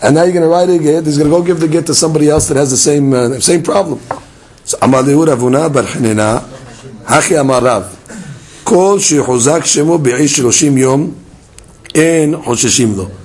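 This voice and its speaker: Lively man teaching a Talmud lesson. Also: a little high, normal speed, slightly rough, low-quality recording. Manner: lively, acts out dialogue and fires rhetorical questions.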